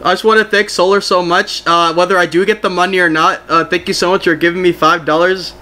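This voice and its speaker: A young man streaming a game, chatting casually with his viewers in an excitable, giggly way. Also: sits high, fast. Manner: excitable, giggly, talks to chat. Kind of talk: casual live-stream chat.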